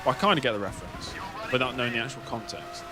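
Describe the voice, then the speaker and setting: A man's voice: medium pitch, lively intonation, racing, loud music behind the voice. A man streaming a racing game, chatting in a rambling, wry way. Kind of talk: casual live-stream chat while gaming.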